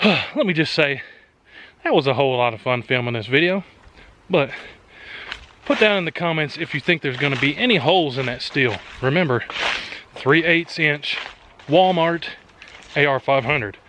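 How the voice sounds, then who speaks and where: Folksy, bright-voiced man shooting outdoors. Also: fairly high pitch, expressive, moderate pace, pauses often, slight background noise. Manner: folksy, joking, enthusiastic. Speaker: firearms video host. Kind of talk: casual shooting demonstration. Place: outdoors at a rural shooting range. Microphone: action camera.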